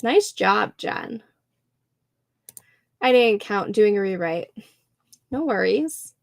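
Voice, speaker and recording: A woman's voice: mid-range voice, expressive, takes it slowly, creaky. A young woman hosting a writing livestream, chatting casually and laughing often as she reads out comments from viewers. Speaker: livestream host.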